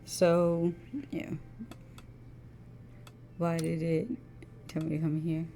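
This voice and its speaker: A woman's voice: sits low, monotone, takes it slowly, dark tone, slight background noise. A woman casually commenting on a game as she plays, reading its dialogue aloud and joking about her own accents. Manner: playful, self-mocking, laughs at own accents. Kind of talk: casual gameplay commentary with read-out character voices.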